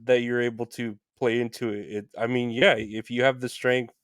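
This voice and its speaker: A man's voice: medium pitch, flat delivery, clean tone, no room sound, studio quality. A man hosting a podcast, chatting casually and often restarting his sentences. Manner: halting, restarts, agreeable backchannels. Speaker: podcast host. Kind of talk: casual interview chat.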